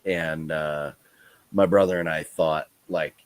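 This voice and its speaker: A man's voice: a bass voice, fairly even intonation, slow pace, no room sound. A tired man hosting a casual live stream, talking in a rambling way with lots of fillers and restarts. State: tired, yawning.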